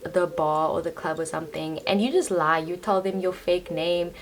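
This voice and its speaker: A young woman reads tarot cards for her viewers and talks to a camera set on a tripod. Her voice sits a little low for a woman, and she rambles casually, packing her speech with fillers. A faint hiss runs underneath. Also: steady tone, moderate pace. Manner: chatty, filler-heavy, lots of "like" and "you know". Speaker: tarot reader.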